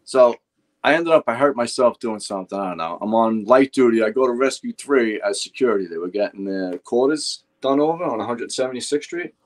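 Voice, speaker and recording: An older man with a New York accent telling animated, profane stories of his firefighting days, acting out what others said. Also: mid-range voice, a little fast. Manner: profane, animated anecdotes with acted-out quotes. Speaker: guest, retired fire lieutenant. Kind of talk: casual storytelling chat.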